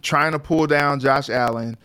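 Relaxed, rambling sports talk man. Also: fairly high pitch, measured pace, smooth. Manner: relaxed, rambling, many fillers. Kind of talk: casual sports chat.

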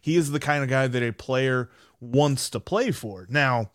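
A man co-hosts a casual sports talk, weighing his points and stumbling over restarts. His voice sits at an ordinary middle pitch. The recording is close and dry. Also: a little slow, no echo. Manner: thoughtful, analytical, stammering restarts. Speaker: podcast co-host.

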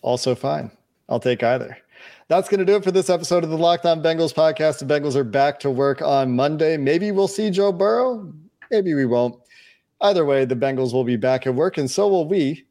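A man's voice: a little high, moderate pace, warm tone. A man hosting a sports podcast in casual chat, asking his co-host questions and closing the show. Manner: steers the talk, asks questions, signs off the show.

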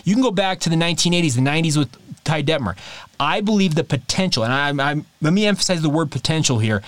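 A man's voice: a little high, expressive, quick pace, no echo. A man hosting a sports podcast alone, giving emphatic, confident commentary and repeating words for stress. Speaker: podcast host.

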